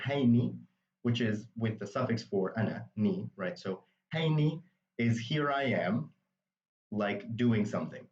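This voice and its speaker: A man's voice: mid-range voice, darkish tone. A man explaining vocabulary in a casual, rambling way, with many fillers. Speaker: Arabic teacher. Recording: roomy, distant and dull with faint noise.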